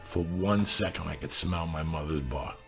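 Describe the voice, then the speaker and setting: A middle-aged man hosting a podcast, telling stories loudly with lots of swearing. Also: low voice, normal speed, vocal fry, faint music behind. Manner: loud, profane and animated. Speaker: podcast host. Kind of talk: casual storytelling.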